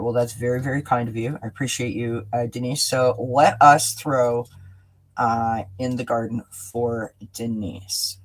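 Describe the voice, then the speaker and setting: A man hosting a live oracle card reading and answering viewers in chat. He talks in a gentle, reassuring way, often checking in with "right?" and "you know.". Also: medium pitch, fairly even intonation, measured pace, slight background noise. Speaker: oracle card reader and host.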